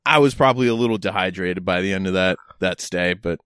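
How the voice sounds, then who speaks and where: Laid-back low-voiced guy. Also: quick pace, fairly bright tone, clear, resonant tone, no echo, studio quality. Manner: rambling, frequent restarts and laughter. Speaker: podcast co-host. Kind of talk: casual chat.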